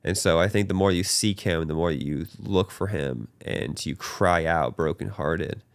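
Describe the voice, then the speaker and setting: A man's voice: sits low, unhurried, creaky, smooth, no room sound. A young man hosting a podcast, talking earnestly about faith in a casual chat. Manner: earnest, animated, talks with his hands in quoted voices. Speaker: podcast host.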